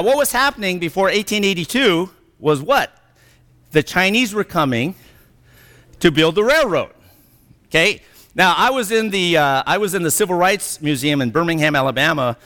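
His voice is fairly high and fairly bright. This middle-aged presenter delivers a lecture-style talk built on anecdotes, laughing as he tells stories and frequently asking "okay?" or "right?", recorded with a reverberant hall sound.

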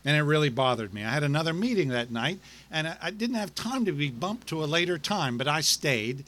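A middle-aged male pastor delivering a sermon, with rhythmic repetition and dramatic pauses. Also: fairly high pitch, animated, a bit bright.

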